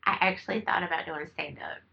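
A woman's voice: lowish voice, steady tone, fast talker, gravelly. A woman in casual chat, playful and drawling. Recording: muffled audio with loud clicking noise.

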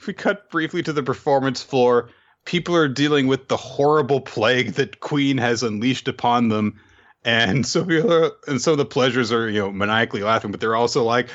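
A man's voice: medium pitch, fairly bright tone, muffled recording. A man co-hosting a casual chat recap, joking and laughing often as he acts out quotes. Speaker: podcast co-host.

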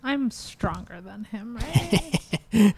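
A woman's voice: mid-range voice, expressive, normal speed. A woman playing a tabletop game, blunt, brash and profane in her banter. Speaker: player.

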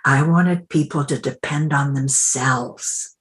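A low-voiced woman speaks slowly in a conversational interview. She reflects on her work as a mentor and coach and slips into acted dialogue as she tells her stories. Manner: reflective, acts out quoted dialogue.

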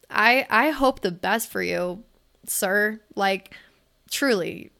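A woman's voice: medium pitch, expressive, very slow, creaky, sharp tone. A young woman hosting a podcast, reading out a listener's letter and giving candid advice with lots of swearing and fillers. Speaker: podcast host. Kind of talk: casual advice talk.

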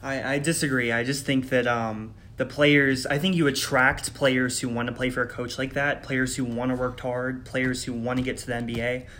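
Steady man giving sports takes. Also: medium pitch, moderate pace, hardly any pauses. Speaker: podcast co-host. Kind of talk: casual sports podcast chat.

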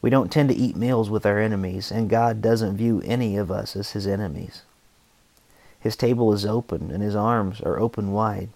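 A man reading aloud from his own devotional book as podcast host, in an earnest, steady teaching manner. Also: on the low side, normal speed, vocal fry, no room sound.

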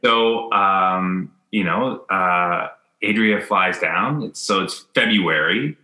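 A man telling a story in casual chat, acting out quotes in a high voice. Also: slow, sharp tone, roomy sound, rough recording.

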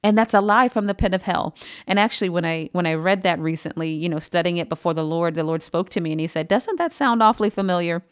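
A woman pastor giving an earnest, emphatic Bible teaching on a podcast, pausing often with "um". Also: on the low side, steady tone. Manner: earnest, emphatic, with frequent "um" pauses.

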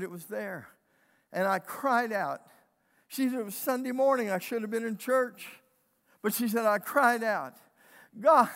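A man preaching a sermon as pastor, telling a story, moving between loud emphatic lines and quiet retelling. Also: sits high. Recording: long reverb of a church hall.

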